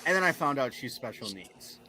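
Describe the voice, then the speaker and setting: A man's voice: medium pitch, big pitch swings, fairly quick. Profane man telling a story, noisy room. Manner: profane, self-deprecating, loud outbursts. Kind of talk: casual storytelling among friends.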